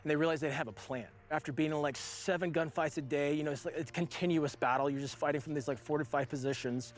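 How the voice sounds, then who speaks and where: Forties male veteran, casual rambling storyteller, slightly raised pitch. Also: steady tone, fast, faint music behind. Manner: rambling, full of "like" fillers. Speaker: veteran guest telling a war story.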